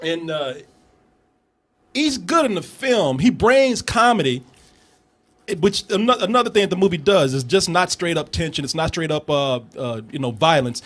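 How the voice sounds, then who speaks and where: High husky guy ranting about a movie, swoops all over, laughing a lot. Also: normal speed. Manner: animated, laughing, quotes characters in exaggerated voices. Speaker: podcast movie reviewer. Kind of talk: casual comedic movie review.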